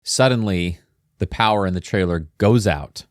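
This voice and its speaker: A man's voice: deep voice, normal speed, no echo, clean studio sound. A man casually retelling a film plot with a co-host, joking and laughing as he goes. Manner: jokey, laughs while retelling. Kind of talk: casual movie recap chat.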